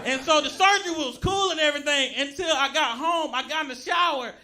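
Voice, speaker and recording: A stand-up comedian talking in a laid-back, giggly way that turns loud at the punchlines. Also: male voice, very high voice, fairly quick. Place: comedy club stage with audience. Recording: live club recording with crowd noise. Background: audience laughter.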